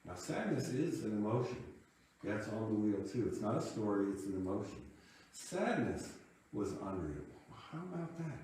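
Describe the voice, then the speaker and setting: A man's voice: fairly low pitch, big pitch swings, moderate pace, mellow, slight background noise. A man in his late fifties giving a sermon, reflective and conversational as he tells a personal story. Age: 50s. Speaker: minister. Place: church sanctuary. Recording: echoey hall, voice from a distance.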